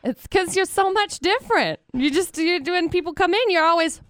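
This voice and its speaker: A woman's voice: very high-pitched, expressive, moderate pace, no echo. A young woman with a bubbly, teasing way of talking, co-hosting a casual radio show. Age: young adult. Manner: bubbly, teasing, laughs often. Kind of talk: casual morning show banter.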